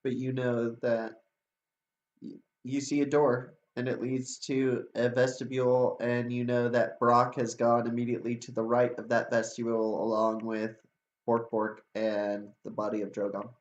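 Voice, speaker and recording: A man running a tabletop game as dungeon master, talking in an unhurried, halting way with plenty of uhs. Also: mid-range voice, little pitch movement. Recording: dull lo-fi audio.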